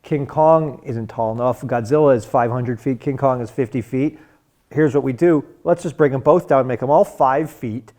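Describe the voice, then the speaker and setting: A man on a comedy panel, rambling in a mock-serious, deadpan way with lots of fillers. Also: medium pitch, moderate pace. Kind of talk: deadpan absurd comedy chat.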